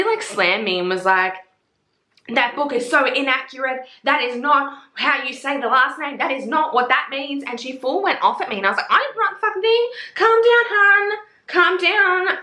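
A young woman, talking bluntly and excitedly about books in a casual, sweary vlog. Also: mid-range voice. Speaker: book reviewer. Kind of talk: casual book recommendation vlog. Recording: roomy echo.

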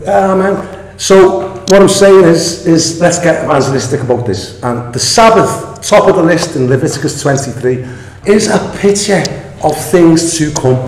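Animated man preaching, echoey room. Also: fairly high pitch, moderate pace. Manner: animated, emphatic, laughs at own asides. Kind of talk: sermon.

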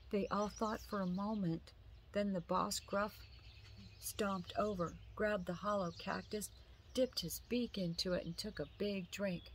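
A woman reading a picture book aloud in a gentle, unhurried way. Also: mid-range voice, steady tone, a little hiss or hum. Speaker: storybook reader.

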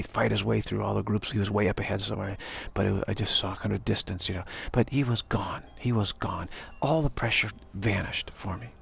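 A man with a deep, very gravelly and husky voice tells a personal story in a casual way. He repeats key phrases like a mantra and often drops to a near-whisper for an aside. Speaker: spiritual teacher.

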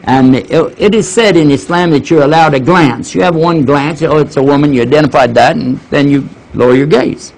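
An older man with a fairly high, brisk, gravelly voice talks almost without pausing, and the recording is rough. He gives a casual lecture, answers questions, and tells folksy stories, animatedly quoting other people.

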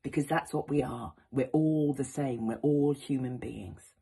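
A woman actor giving an encouraging, expressive educational talk to young people. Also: a bass voice, unhurried, creaky, husky. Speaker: actor teaching students.

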